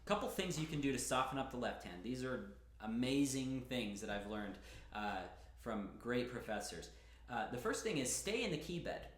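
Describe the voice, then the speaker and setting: A man's voice: mid-range voice, animated, moderate pace. A young man giving a casual, encouraging piano lesson, chatting between short demonstrations at the keyboard. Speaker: piano teacher. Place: room with a piano. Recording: roomy echo with piano playing.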